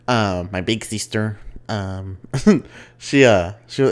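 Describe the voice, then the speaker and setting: A young man hosting a casual solo podcast, chatty and quick to laugh as he tells stories. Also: on the low side. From West Texas. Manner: chatty, giggly, animated storytelling. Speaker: podcast host.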